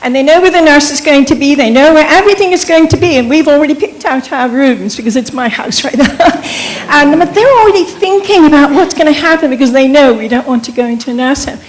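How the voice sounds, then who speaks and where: A woman's voice: high voice, animated, fairly quick, a little hiss or hum, rough recording. A woman, speaking earnestly from the audience at a meeting, rambling with restarts. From Bermuda. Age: 70s. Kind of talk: emotional personal testimony.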